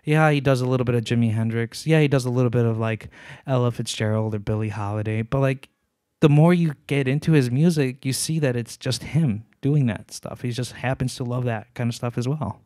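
A man co-hosting a podcast talks at a plain middle pitch, earnest and explanatory. He slows down to drive his points home, and his voice sits dry and close to the microphone. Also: a little mellow, dry recording. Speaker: podcast co-host. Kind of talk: casual chat.

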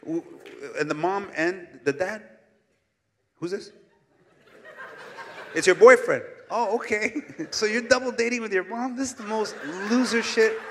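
A male stand-up comedian from Canada doing crowd work, teasing audience members in quick jabs and laughing between lines. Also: sits high, slight background noise. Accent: Canadian English. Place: large comedy venue on stage. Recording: live theater recording with audience laughter and hall reverb.

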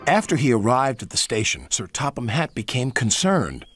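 A man narrating a children's story aloud, expressive and reading all the parts. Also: medium pitch, normal speed. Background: music.

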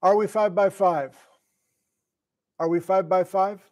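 A man's voice: sits high, steady tone, a little slow, darkish tone. A middle-aged man from Wisconsin, a sleep-deprived geology lecturer, thinking aloud in a flustered, casual live-stream lesson. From Wisconsin, USA.

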